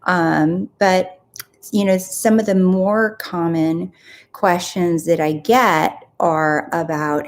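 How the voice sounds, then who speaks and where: A woman's voice: fairly low pitch, fairly even intonation, takes it slowly. A woman hosting a live coaching talk, earnest and encouraging, often repeating her phrases. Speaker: host.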